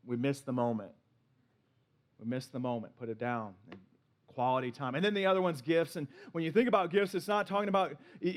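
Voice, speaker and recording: High-voiced animated male preacher. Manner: animated, playful, acts out little voices. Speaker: pastor. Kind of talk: sermon.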